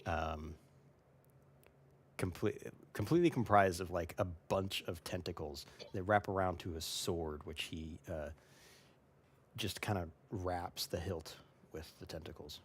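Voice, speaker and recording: Deep-voiced man running a tabletop game. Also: a little hiss or hum. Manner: relaxed, halting narration with fillers. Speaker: game master.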